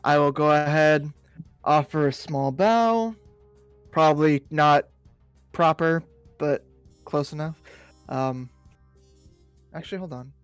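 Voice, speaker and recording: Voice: mid-range voice, slow pace, pauses often, clear, resonant tone, no echo. Tabletop player, in and out of character, hesitant, repeats words, dry close sound, faint music. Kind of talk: tabletop role-play, in and out of character.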